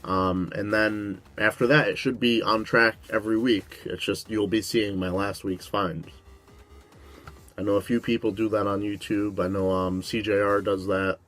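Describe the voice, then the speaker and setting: A young man hosting a casual Q&A vlog, rambling with lots of "like" fillers, his voice going a bit hoarse. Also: on the low side, level tone, moderate pace, a bit bright, soft background music. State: losing his voice. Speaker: YouTube host.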